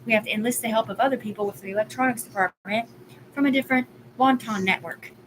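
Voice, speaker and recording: A woman's voice: on the high side, fast talker. Agitated, swearing woman on a live stream. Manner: agitated, profane, rambling. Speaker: livestream host. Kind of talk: rambling live-stream monologue. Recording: clear background ambience noise.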